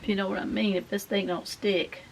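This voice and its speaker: Middle-aged woman, folksy craft vlogger, rambling chat, slight vocal fry. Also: mid-range voice, flat delivery, a little fast, slight background noise. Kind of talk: casual chat while crafting.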